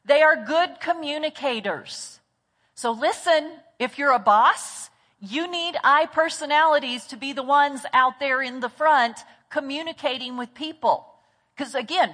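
A woman pastor teaching a church class, lively, often slipping into chatty voices for the people she describes. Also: high voice, big-room sound. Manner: animated, acts out chatty voices in quotes.

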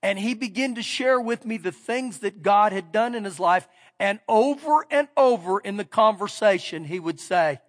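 A middle-aged pastor preaching with a strikingly high voice. He tells a story in a folksy, down-home way, then drives his points home with rising emphasis. His voice rings out with a long reverb through a big church hall. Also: lively intonation, normal speed, few pauses. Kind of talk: sermon.

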